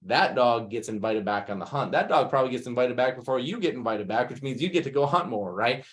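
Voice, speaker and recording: Animated dog trainer, man. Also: medium pitch. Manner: animated, acts out scenes in quick bursts. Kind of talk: masterclass Q&A answer.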